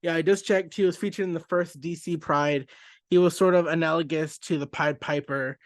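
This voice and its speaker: A man's voice: on the high side, fairly even intonation, a little fast, no echo, clean studio sound. A man hosting a casual comic book review, talking in a chatty, self-interrupting way and laughing easily. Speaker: comic book podcast host.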